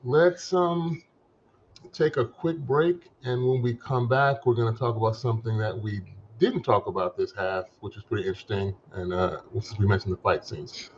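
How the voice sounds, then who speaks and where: A man's voice: fairly low pitch, steady tone, normal speed, muffled recording, a little hiss or hum. A man hosting a podcast, casually recapping a film with loose, rambling sentences and fillers. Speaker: podcast host. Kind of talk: casual movie discussion.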